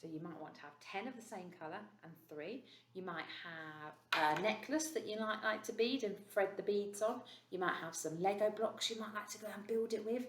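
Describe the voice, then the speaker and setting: A British woman teaching a recorded maths lesson to young children, slow, clear and encouraging. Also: medium pitch, echoey room, noisy background. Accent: British English. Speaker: reception class teacher.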